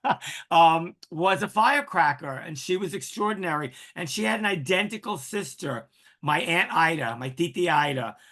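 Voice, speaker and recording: A man's voice: fairly high pitch, normal speed. A man, a guest in an interview, telling personal stories in a casual way and acting out the voices of the people he quotes. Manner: animated storyteller, acts out quoted voices. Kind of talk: casual storytelling.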